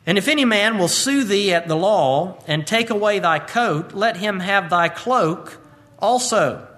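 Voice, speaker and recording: A man preaching an expository sermon as a pastor. He reads scripture in a measured King James cadence, then explains it briskly and emphatically, with rhetorical questions. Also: high-pitched, lively intonation, a bit bright.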